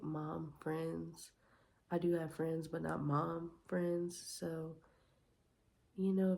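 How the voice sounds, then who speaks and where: A woman's voice: fairly low pitch, creaky, mellow. A young woman vlogging casually to camera, giving candid, heartfelt advice to other moms. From Las Vegas, Nevada.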